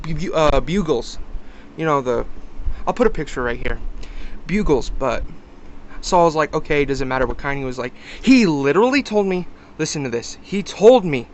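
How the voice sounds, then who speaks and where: A young man with a fairly high voice tells a personal story straight to the camera in a casual vlog. He is animated and swears freely, and he jumps into loud bursts whenever he acts out the other people's lines. A faint hiss sits under the voice. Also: rough recording.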